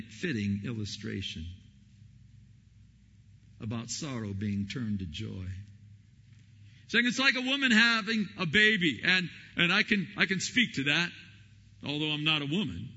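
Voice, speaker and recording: Pastor guy preaching, husky and kinda high, sharp tone, lo-fi echoey hall sound. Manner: animated storytelling, acting out quotes. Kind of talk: sermon. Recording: lo-fi recording in a reverberant hall.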